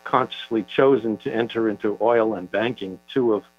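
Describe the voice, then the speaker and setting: An older man talks through a story in a thoughtful, halting way, pausing on fillers as he goes. The recording is dull and lo-fi, with a low mains hum underneath. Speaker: author being interviewed. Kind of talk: conversational interview.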